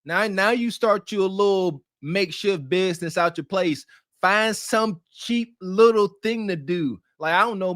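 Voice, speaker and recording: A man's voice: high-pitched, a bit bright, no echo, clean studio sound. A man co-hosting a podcast, giving blunt, slangy, preachy commentary. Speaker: podcast co-host.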